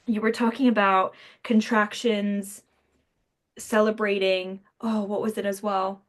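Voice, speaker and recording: A woman's voice: mid-range voice, little pitch movement, unhurried. A woman hosting a podcast, thinking aloud in a reflective, rambling way with many fillers. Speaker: podcast host. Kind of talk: podcast conversation.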